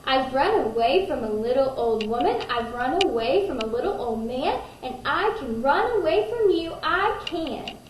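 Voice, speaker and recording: A woman's voice: high voice, animated, normal speed, few pauses. A woman doing a boastful little gingerbread boy. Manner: taunting, sing-song boasting. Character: cheeky runaway gingerbread boy, small, boastful. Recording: roomy echo, distant mic, faint noise.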